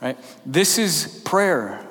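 A man's voice: on the high side, very animated, a bit bright. Earnest preaching man in a reverberant hall. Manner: earnest and conversational, moving between quick asides and slow, drawn-out emphasis. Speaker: pastor. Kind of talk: sermon.

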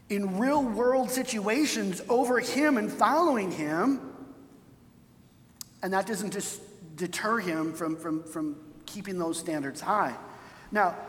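A preacher talks through a sermon like a chat, tagging points with "right?" and briefly acting out quoted voices. The voice sits mid-range, neither high nor low. It rings out with a long hall reverb. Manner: conversational, tags points with "right?"; acts out quoted voices for emphasis.

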